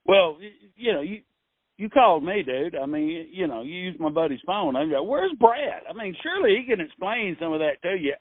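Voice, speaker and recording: Guy hosting, rambly and folksy, kinda high voice, dry phone-ish sound. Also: sing-song, brisk, no room sound, phone-quality sound. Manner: rambling, folksy, restarts a lot. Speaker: host. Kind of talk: casual comedic interview.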